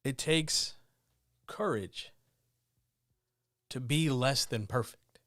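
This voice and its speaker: A man streams from home with his cats, delivering a blunt, earnest motivational monologue into a microphone and swearing freely. His mid-range voice moves extremely slowly and has a fairly bright tone. The studio-quality recording carries no room sound.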